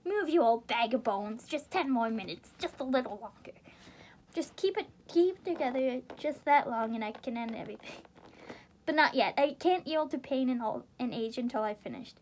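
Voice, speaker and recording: A weary old soldier guy pushing his broken body on, gruff strained mutter, as a high-voiced woman reading a story puts him on, faint room hum in the back. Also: animated, moderate pace, darkish tone. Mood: strained, determined. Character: gravelly aging male soldier, exhausted and stubborn.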